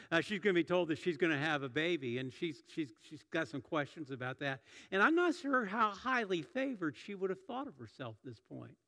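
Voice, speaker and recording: A middle-aged pastor preaches a conversational sermon in a church sanctuary, often restarting and repeating words. His voice is fairly high, pushed and bright, and the recording carries a long hall reverb.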